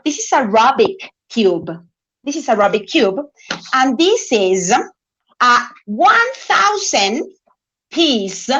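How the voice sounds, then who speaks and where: A woman teaching an English class online, speaking slowly and patiently, coaxing her students and stretching out words. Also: fairly high pitch, fairly bright tone. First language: Spanish. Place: home room on an online video class. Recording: dull lo-fi video call audio.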